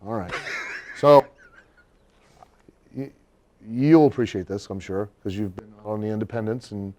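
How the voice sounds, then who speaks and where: A man in a studio interview, telling an anecdote in an animated way, laughing and acting out the people he quotes. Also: lowish voice, measured pace. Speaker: guest storyteller.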